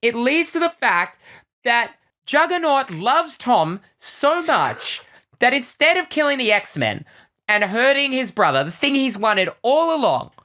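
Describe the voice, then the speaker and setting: A woman's voice: a little high, very animated, measured pace, fairly bright tone. A woman co-hosting a casual comic-book podcast, recapping with enthusiastic, rambling chatter and plenty of "like"s. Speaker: podcast co-host.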